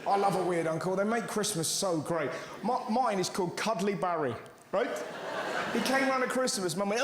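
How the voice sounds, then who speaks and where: A male stand-up comedian telling stories in an animated way, acting out the people in them. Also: sits high, background noise. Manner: animated storytelling, acting out characters in quick voices. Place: large theatre on stage. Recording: echoey theatre, loud crowd laughter. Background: audience laughing.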